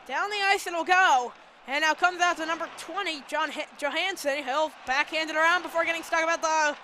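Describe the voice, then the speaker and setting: A young man giving live hockey play-by-play commentary, rattling off the action and shouting on big plays. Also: very high voice, slight background noise. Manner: rapid running call, rising to excited shouts on big saves.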